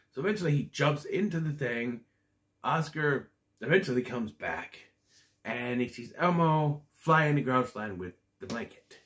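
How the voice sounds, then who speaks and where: A man reviews a children's film in a loose, rambling way, hesitating and stumbling over fillers. His pitch swings up and down in an animated way. He sits at a middle pitch for a man. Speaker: movie reviewer. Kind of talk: casual movie review.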